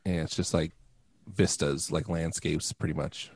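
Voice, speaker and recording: A man co-hosting a casual podcast chat who laughs often and lets his sentences fade off quietly. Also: rumbling low, fairly even intonation, unhurried, slightly rough, no room sound. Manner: laughs often, trails off quietly at the ends of phrases. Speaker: podcast co-host.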